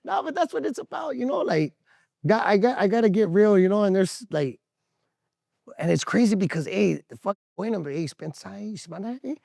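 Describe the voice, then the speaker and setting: Animated, gravelly man talking candidly. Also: high voice, normal speed, no room sound, clean studio sound. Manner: rambling, profane, streetwise slang; animated, laughs often. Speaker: interviewee. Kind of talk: candid casual talk.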